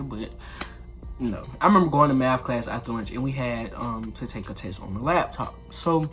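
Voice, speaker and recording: Slangy man telling a story. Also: mid-range voice. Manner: animated, swears freely, acts out quotes. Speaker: storytime vlogger.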